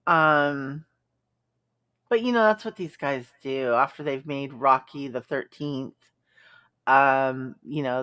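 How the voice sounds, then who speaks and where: Woman streamer, low voice, takes her time, snarky casual chat. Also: a bit bright. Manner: blunt, chatty and sarcastic, with frequent ums. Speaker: live stream host. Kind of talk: casual chat reacting to viewer comments.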